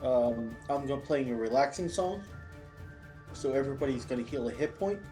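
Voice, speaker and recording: A man's voice: medium pitch, expressive, normal speed, dark tone. A man playing in a tabletop game, hesitant and filling gaps with ums as he explains his turn. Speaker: player. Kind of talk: casual tabletop play. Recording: faint music under the voices.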